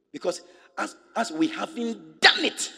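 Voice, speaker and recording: A middle-aged man preaching in a Ghanaian English accent, his voice sitting high and swinging widely in pitch. He hammers points home by repeating them and climbs into shouts when he challenges the congregation. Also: sing-song, moderate pace, slightly rough, big-room sound. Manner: emphatic preaching, repeats phrases, rises to shouts. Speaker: bishop and pastor. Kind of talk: sermon.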